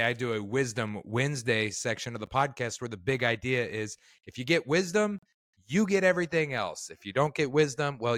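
A man's voice: medium pitch, a bit bright, dry recording, studio quality. A man hosting a casual Christian podcast, talking in a chatty, self-deprecating way with rambling asides, his vocal cords strained. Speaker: podcast host. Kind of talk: casual Bible-based podcast talk.

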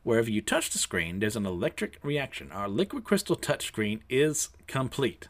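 Lisping man with lively intonation. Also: mid-range voice, normal speed. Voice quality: lisp. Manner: chatty, self-deprecating, laughs between lines. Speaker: anime episode recapper. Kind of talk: casual episode recap, reading character lines aloud.

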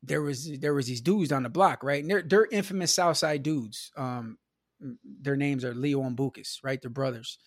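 In a relaxed storytelling chat, a podcast guest from Milwaukee recalls growing up in the American Midwest, talking loosely and using "you know", "man" and "bro" often. His mid-range voice moves at a moderate pace, in a dry, clean studio recording.

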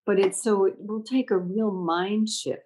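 Husky older woman telling stories. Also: mid-range voice, a little slow, low-quality recording. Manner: animated, acts out dialogue in anecdotes. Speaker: school leader. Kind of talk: reflective storytelling in conversation.

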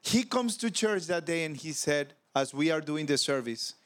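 A man with a fairly high voice preaches at a ministers' convention. He tells a personal story with feeling and acts out the voices of the people in it. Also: normal speed. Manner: emotional, animated storytelling with quoted dialogue. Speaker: pastor. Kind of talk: conference sermon storytelling. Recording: audio of a convention talk.

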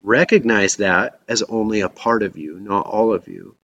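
A man with a low voice preaches a sermon, thoughtful and unhurried. The sound is a little dull and lo-fi. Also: fairly even intonation, a bit bright. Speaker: pastor.

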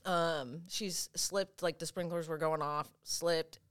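A woman guest on a podcast, telling a story in a casual, animated way, full of fillers and quick laughs. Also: low voice.

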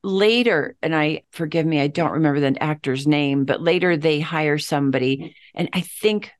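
A woman's voice: deep voice, normal speed, no room sound, studio quality. A woman co-hosting a podcast in casual chat, hesitant, often trailing off mid-sentence. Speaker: podcast co-host.

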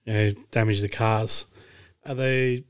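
A man, hosting a casual podcast chat and asking questions in halting fragments. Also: lowish voice, fairly even intonation, smooth.

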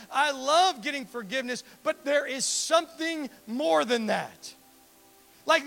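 A man with a very high, bright voice preaches to his congregation. He acts out little scenes and keeps putting direct questions to the listeners. Faint music plays under his sermon. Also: vocal fry. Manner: animated preaching with acted-out dialogue, repeated direct questions to the congregation. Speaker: pastor.

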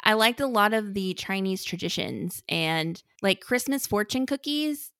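A woman's voice: mid-range voice, animated, a little slow, fairly bright tone, no room sound, clean studio sound. A woman co-hosting a podcast, chatting casually and enthusiastically about a holiday movie, giggling now and then. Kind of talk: casual chat.

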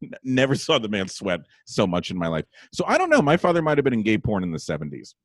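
A man hosting a podcast, telling stories in a rambling, animated way and laughing often. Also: on the low side, fast, no echo, studio quality. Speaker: podcast host. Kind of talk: casual storytelling chat.

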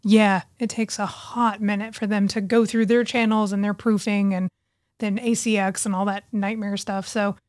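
A woman's voice: medium pitch, little pitch movement, moderate pace, darkish tone, dry recording, clean studio sound. A woman co-hosting a podcast in a chatty manner, laughing often and acting out her own quotes. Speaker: podcast co-host, author. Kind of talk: casual chat.

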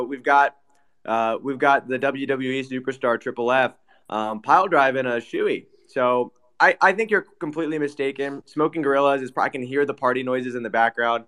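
A man's voice: medium pitch, a little fast, fairly bright tone. A man hosting a casual chat, teasing guests in an ironic way. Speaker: host.

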